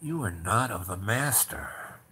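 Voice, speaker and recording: A hushed, uncanny old man who seems only forty, as a man puts him on while telling a story. He speaks softly and slowly, with quiet, flattering insistence. A faint hiss of background noise sits under the voice. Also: fairly low pitch. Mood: quietly insistent. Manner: soft, slow, hushed delivery.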